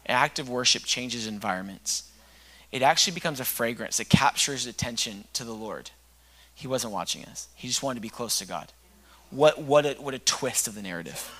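A man's voice: medium pitch, lively intonation, a little fast, bright, forceful tone. A man pastor preaching a sermon, telling a story in an earnest way.

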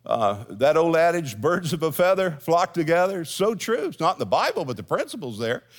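Middle-aged male pastor, fairly high voice, folksy sermon delivery with jokes. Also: very animated, moderate pace. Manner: folksy storytelling with jokes and asides. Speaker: senior pastor. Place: church sanctuary with congregation.

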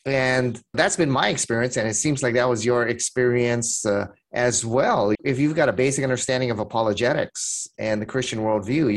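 A man hosts a faith podcast at an easy, measured pace. His voice sits at an ordinary middle pitch. He affirms his guest's points before steering toward the next question. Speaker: podcast host. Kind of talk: interview questions.

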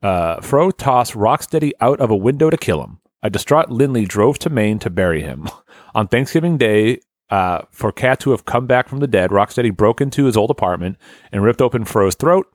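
A man's voice: fairly low pitch, animated, normal speed, dry recording, clean studio sound. A man co-hosting a podcast, joking crudely in casual banter and laughing often. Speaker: podcast co-host.

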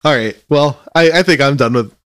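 A man's voice: on the high side, normal speed, fairly bright tone, no room sound, studio quality. Laid-back man chatting about a book. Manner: laid-back, agreeable, laughs often. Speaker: podcast co-host. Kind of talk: casual book review chat.

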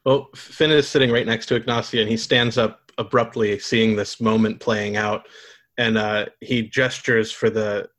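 A man's voice: lowish voice, steady tone, normal speed, fairly bright tone. A man playing a tabletop game, easygoing and playful as he describes his character. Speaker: player. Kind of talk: casual tabletop game play.

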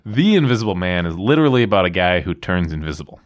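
A man's voice: sits low, quick pace, no echo. A young man co-hosting a podcast, telling stories in casual chat and often laughing. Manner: animated storytelling with bursts of laughter. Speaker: podcast co-host.

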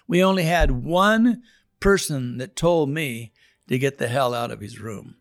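Man, prison Bible study leader, earnest testimony with repeated words, mid-pitched voice, dry close sound. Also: expressive, normal speed, dry recording. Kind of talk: spoken testimony.

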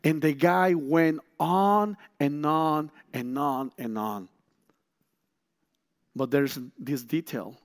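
Guest preacher: middle-aged man, slightly high voice, unhurried delivery with lively acted quotes. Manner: animated storytelling, frequent restarts and acted-out quotes. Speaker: guest speaker. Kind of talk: sermon storytelling.

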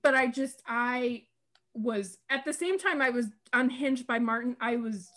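A woman co-hosting a casual podcast, her voice sitting a little high. She talks with animated energy and laughs often, and her words rush out when she is worked up. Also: a little slow. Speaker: podcast co-host. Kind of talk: casual chat.

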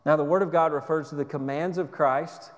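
A man preaching a sermon as a pastor, earnest, repeating words and dropping to a soft low voice for emphasis. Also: fairly even intonation, a little fast, big-room sound.

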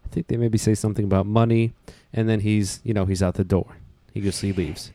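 A man's voice: on the low side, steady tone, a little fast, dark tone, no echo, clean studio sound. A man co-hosting a casual podcast, recapping a film in a rambling way. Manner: rambling, many fillers. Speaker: podcast co-host.

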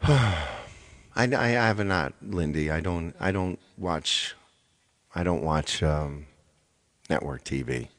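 A man singer chatting casually with viewers on a live stream, rambling and repeating his phrases. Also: sits low.

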